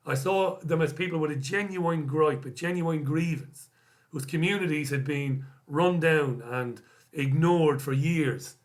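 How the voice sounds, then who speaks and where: A man's voice: fairly high pitch, unhurried. A man hosting a live stream, reading out viewer comments and answering them bluntly, swearing now and then. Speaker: host.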